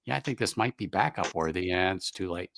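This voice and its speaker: A man hosting a live stream, chatting casually over a whiskey tasting on a video call, relaxed and stumbling into restarts. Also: low voice, fairly quick, creaky, no room sound.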